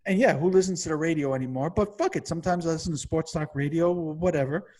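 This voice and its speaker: Husky-voiced man ranting profanely. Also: on the high side, quick pace. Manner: exasperated, swears constantly, builds to yelling. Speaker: podcast co-host. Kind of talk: profane comedic rant.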